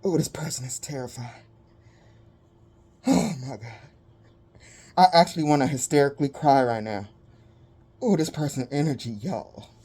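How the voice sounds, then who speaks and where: A woman giving a spiritual reading to her viewers, dramatic and blunt, swearing freely and pausing to catch her breath. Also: extremely low pitch, mellow, breathy edge. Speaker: spiritual reader.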